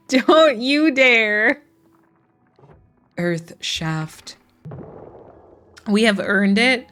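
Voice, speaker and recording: On a casual gaming livestream, a woman plays a farming game and chats with her viewers. Her voice is on the low side with a fairly bright tone, and she's chatty, reading and answering chat as she plays.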